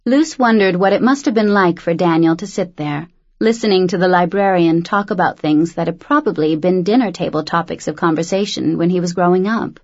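Low-voiced woman narrating a novel. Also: fairly quick, darkish tone. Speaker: audiobook narrator. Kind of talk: scripted narration. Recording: dull lo-fi audio.

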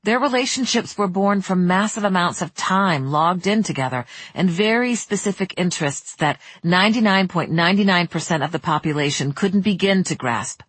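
An audiobook narrator reading a romance in a measured, even way, close to the mic. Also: mid-range voice, husky, no echo. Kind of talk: scripted narration.

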